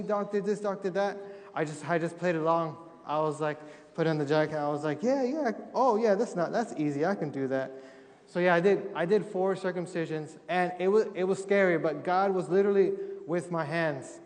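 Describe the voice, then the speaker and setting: Giving a testimony to his congregation, a young missionary speaker relates humorous mission stories and acts out the voices in them. His fairly high voice rings with the long echo of a big church sanctuary.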